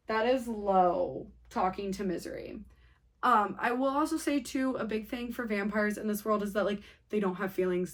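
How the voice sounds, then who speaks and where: A woman's voice: medium pitch, lively intonation, moderate pace. Chatty young woman reviewing books. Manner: chatty and rambling, heavy on "like". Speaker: book reviewer. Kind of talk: casual book review chat.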